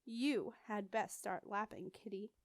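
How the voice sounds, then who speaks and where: A woman's voice: mid-range voice, steady tone, a little slow, no echo, lightly acted. A woman reading the lines of a bold, proper young noble girl in a firm, precise way. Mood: haughty.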